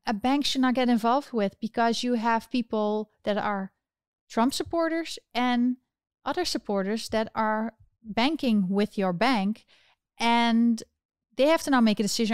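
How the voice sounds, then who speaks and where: Smooth-voiced indignant woman commentator. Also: a little high, a little slow, no room sound, clean studio sound. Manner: animated, indignant, restarts often. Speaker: political commentary host. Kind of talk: casual political commentary.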